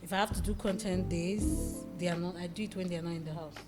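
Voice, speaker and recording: A woman's voice: lowish voice, steady tone, fast talker. A woman with a Nigerian accent, chatting animatedly as an interview guest and laughing often as she tells stories. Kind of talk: casual interview chat. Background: background music.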